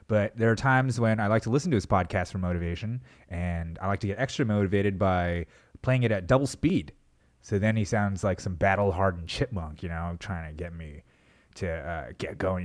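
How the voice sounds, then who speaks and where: Speaking in a low voice at a normal speed, a young man rambles through a casual solo episode of his podcast. He's self-mocking and drops swear words offhandedly.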